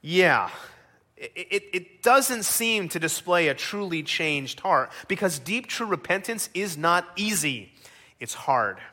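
A man's voice: high voice, big pitch swings, takes it slowly, sharp tone. A man preaching a sermon in a conversational way, asking the listeners rhetorical questions and often checking in with "right?". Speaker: pastor.

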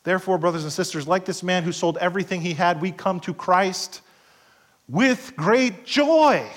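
A middle-aged pastor preaching a sermon, swinging between loud passages and hushed asides and acting out quoted voices. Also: male voice, high voice, moderate pace. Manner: acts out quoted voices in short skits.

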